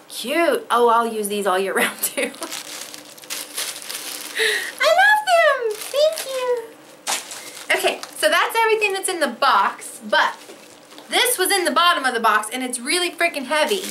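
A woman opening fan mail on her vlog, gasping and excitable, swearing freely in casual chat, overwhelmed with emotion. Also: high voice, normal speed, a little hiss or hum.

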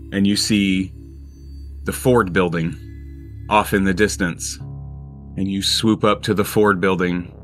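A man narrating a tabletop game as game master, describing scenes slowly with frequent "um"s. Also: low-pitched, sharp tone.

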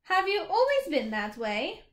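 Earnest storybook boy, quizzical, high and lifted, read by a woman. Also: big pitch swings, a little slow, a bit bright, full character voice. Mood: puzzled. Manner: questioning, earnest. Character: curious, patient young boy.

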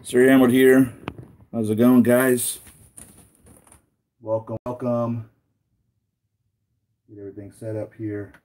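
A man's voice: mid-range voice, level tone, takes it slowly, long pauses, darkish tone, a little hiss or hum. A man hosting a casual live unboxing stream, talking in an easygoing, rambling way with asides to his viewers.

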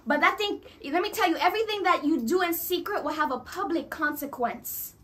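High bright-voiced woman preaching. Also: brisk. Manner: animated, acts out quoted voices, addresses congregation directly. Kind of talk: sermon.

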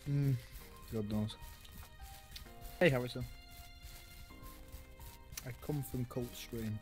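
A man's voice: mid-range voice, steady tone, slow, faint music behind. A man chatting dryly and playfully while playing a co-op game with friends. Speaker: co-op player. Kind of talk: casual multiplayer gaming chat.

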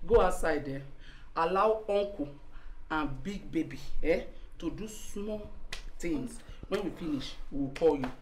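A brazen Pidgin-talking mistress. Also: female voice, sits low, expressive, unhurried, roomy sound, a little hiss or hum. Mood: teasing. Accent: Nigerian Pidgin. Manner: teasing, cajoling, loud Pidgin banter. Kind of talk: Nollywood film acting.

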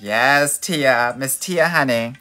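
A sassy, playful man from Los Angeles hosts a casual live stream as a dating coach. He greets his viewers one by one and keeps calling them honey and girl. His voice sits at a middle pitch for a man. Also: takes it slowly, pushed and bright, soft background music. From Los Angeles, USA. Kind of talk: casual live-stream chat reading out comments.

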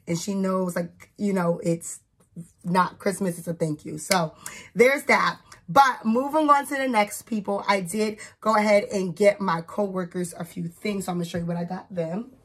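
A young teacher from New Jersey vlogs casually to camera about the gifts she bought, her medium-pitched voice slightly rough. She fills her speech with lots of "like" and "um."

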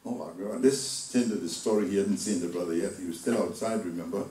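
A man delivering a sermon as a deacon, swinging between loud outbursts and hushed asides. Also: sits low, fast talker, reverberant, distant mic, poor audio. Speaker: deacon preaching. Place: church hall.

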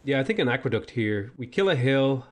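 A man's voice: medium pitch, animated, fairly quick. A man hosting a strategy game let's play, thinking aloud in casual commentary and talking back to the game's units.

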